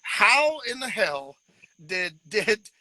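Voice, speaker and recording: A man from Georgia, hosting a casual live-stream chat, rambling fast and laughing often. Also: sits high, pushed and bright, no echo, rough recording. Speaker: podcast host.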